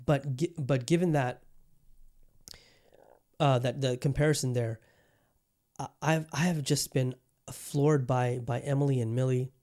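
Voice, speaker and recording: A man's voice: medium pitch, mellow. A man hosting a podcast, chatting casually about television in a rambling, enthusiastic way, with frequent restarts and casual swearing. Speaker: podcast host. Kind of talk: casual review chat.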